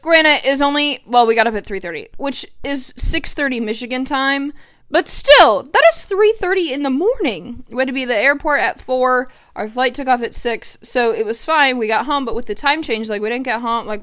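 A woman's voice: fairly high pitch, fairly bright tone, clear, resonant tone, no echo. A woman in her twenties hosting her own podcast, chatting casually in a bubbly way, full of fillers and "like"s, into a podcast microphone at home. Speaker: podcast host. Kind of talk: casual solo podcast chat.

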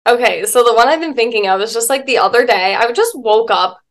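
A woman's voice: on the high side, animated, brisk. A woman guest, a spiritual life coach, chatting casually in an interview, telling stories with lots of filler words and the odd swear.

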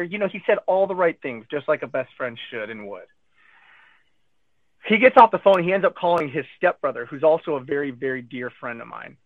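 Speaking slightly quickly in a higher-pitched voice, this guest tells the story of his cancer diagnosis, playing out the lines his friends and doctors said to him. It's a lively, casual retelling over a tinny phone line with no echo.

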